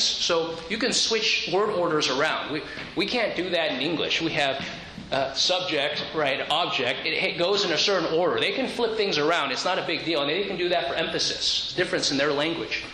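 A man preaching a sermon with a high, bright voice that carries through an echoey room. He explains scripture step by step, often stumbling over a word and repeating it before going on. A faint hum of ambience sits under his voice. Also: moderate pace. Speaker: pastor.

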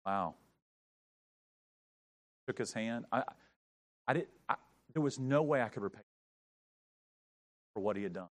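A middle-aged man preaching, telling a story with big swings from shouting to hushed tones. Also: mid-range voice, animated, measured pace, long pauses. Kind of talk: sermon storytelling.

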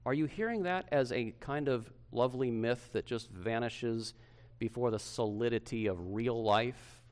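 A middle-aged male pastor preaching a sermon to his church, swinging from loud emphasis to hushed softness. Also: mid-range voice, unhurried.

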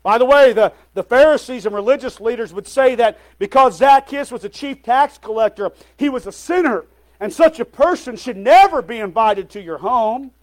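A man's voice: very high voice, lively intonation, normal speed. A male pastor preaching a sermon to his congregation, calling out "Amen?" and "folks" often and sometimes stumbling over his words.

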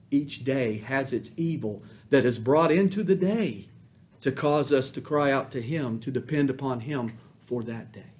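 A man preaching a sermon as pastor, fervent, swelling loud on emphatic lines and dropping soft on quiet ones. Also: mid-range voice.

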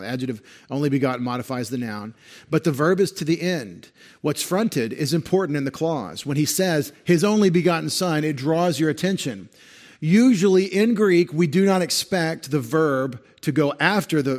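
A man preaching an expository sermon, patiently explaining Greek grammar and pointing things out on a screen like a teacher. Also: mid-range voice. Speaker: pastor.

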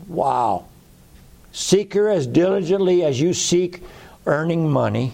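Man preaching, gravelly, mellow tone, folksy repetition. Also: a little high, lively intonation, measured pace. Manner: folksy, repeats phrases for emphasis. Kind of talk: sermon.

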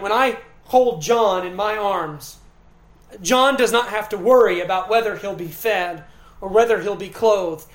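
Earnest preaching man in an echoey hall. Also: sits high. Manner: earnest preaching with emphatic repetition and pauses. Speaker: pastor. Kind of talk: sermon.

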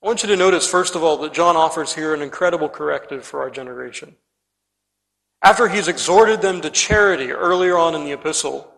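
A man's voice: on the high side, a little fast, creaky, fairly bright tone, in a large hall, rough recording. A man preaching a sermon, earnest and emphatic, often calling his listeners friend.

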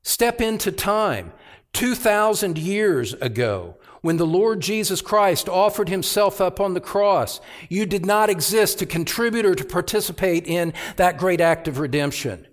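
A male pastor preaching an expository sermon, emphatic, repeating phrases and swinging from hushed asides to loud outbursts. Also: high-pitched, lively intonation, unhurried. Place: church sanctuary.

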